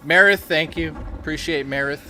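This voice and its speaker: A man hosting a live stream, reading viewer donations aloud and adding quick joking asides. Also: on the high side, sharp tone, slight background noise. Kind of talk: casual live-stream banter.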